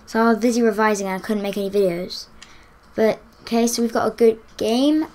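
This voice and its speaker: Excitable young woman commenting gameplay. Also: a little high, normal speed. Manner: excitable, cheers and groans at the play. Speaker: gaming YouTuber.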